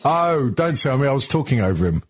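A man's voice: mid-range voice, a little fast, husky. A man hosting a casual podcast chat over a video call, teasing and joking with his guests. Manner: jokey, teasing, lively banter. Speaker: podcast host. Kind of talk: casual chat among friends.

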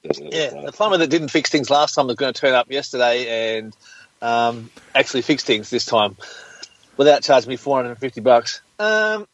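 A man's voice: mid-range voice, lively intonation, moderate pace, a bit bright. A man co-hosting a comedy podcast, chatting and grumbling easily about everyday troubles. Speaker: podcast co-host. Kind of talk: casual comedy podcast chat. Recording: dull lo-fi mic.

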